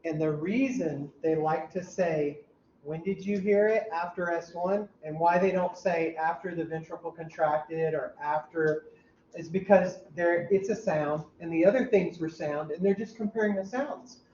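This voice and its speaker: A man teaching a class, quizzing students and mimicking heart sounds out loud, heard in a dull, lo-fi classroom recording. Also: on the high side, moderate pace. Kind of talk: classroom lecture. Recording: dull lo-fi recording with faint hum.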